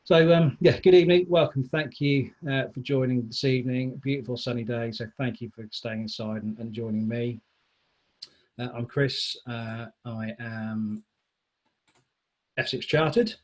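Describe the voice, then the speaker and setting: A man giving a webinar talk on procurement, in a flat, dry manner with wry asides. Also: mid-range voice, rough recording. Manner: self-described monotone, dry wry asides. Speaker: procurement consultant and speaker.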